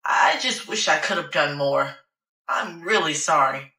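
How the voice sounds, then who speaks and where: A gentle male neighbor speaks softly and earnestly, full of apology, as a woman narrator reads him. The voice stays bright, and it sounds like an audiobook. The recording has a roomy echo. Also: deep voice, lively intonation, unhurried, far from the mic, heavily acted. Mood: apologetic.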